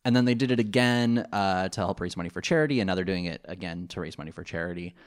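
Male podcast co-host, lower voice, loose rambling chat full of fillers. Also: fast talker. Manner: rambling, many fillers and restarts, laughs easily. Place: home.

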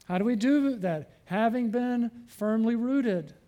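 A man's voice: very high voice, slow pace, mellow. A man preaching a sermon as pastor, earnest and pleading, often asking his listeners questions and building to fervent appeals.

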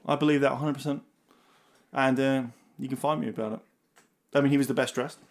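A man co-hosting a casual film podcast, who swears freely and tells stories in an animated way. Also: medium pitch, quick pace, gravelly. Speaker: podcast co-host.

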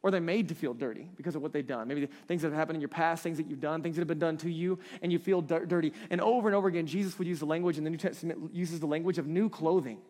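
A man in his thirties preaching a conversational sermon, animated and chatty, laughing lightly between points. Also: on the high side, very fast, hardly any pauses. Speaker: pastor.

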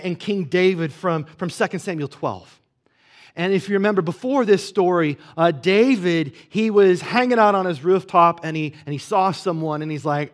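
A man preaching a sermon in a conversational way, asking rhetorical questions and moving between hushed asides and emphatic stretches. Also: sits high, moderate pace. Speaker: pastor.

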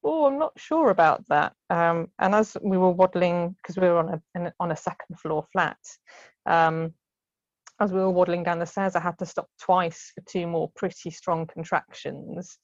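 A woman's voice: on the low side, flat delivery, normal speed, dry recording, lo-fi sound. A woman telling a personal story in casual conversation, chatty with frequent ums and laughs. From United Kingdom. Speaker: guest sharing birth story.

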